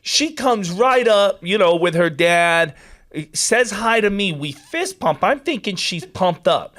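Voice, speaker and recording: A man telling a long story in a casual chat, animated and peppered with "dude" and "like.". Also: sits high, takes it slowly. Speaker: podcast guest.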